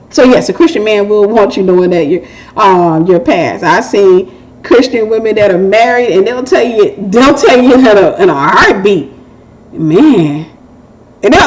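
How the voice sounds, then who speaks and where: In a Christian relationship Q&A, a middle-aged woman host shares casual testimony and advice, candid and joking and laughing at herself. Her voice is medium in pitch, and the audio quality is poor.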